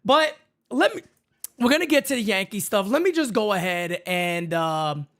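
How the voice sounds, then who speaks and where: A man with a high, bouncing voice hosts a baseball fan live stream from his home setup. He swings his pitch up and down constantly as he hypes up the chat. He greets viewers one after another with loud, excited energy. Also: normal speed. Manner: hyped, shouting out chat viewers by name. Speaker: baseball fan show host.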